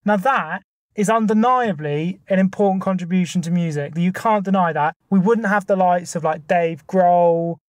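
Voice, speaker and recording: A man's voice: sits high, normal speed, dry recording, studio quality. A man, a podcast co-host, chatting casually and building an argument point by point. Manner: argumentative, lays out numbered points. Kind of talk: casual chat.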